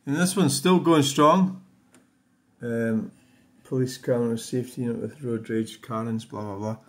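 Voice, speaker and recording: An older Scottish man, a YouTuber, rambles casually through a channel update in an ordinary mid-range voice at medium pitch and moderate pace. He mutters in a loose, offhand way and swears bluntly whenever something annoys him.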